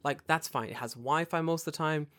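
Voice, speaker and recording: A man's voice: fairly high pitch, brisk. A man from England with a London accent, casually telling travel stories and acting out the people in them. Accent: London English. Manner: animated, acts out dialogue, swears freely. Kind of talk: casual storytelling chat.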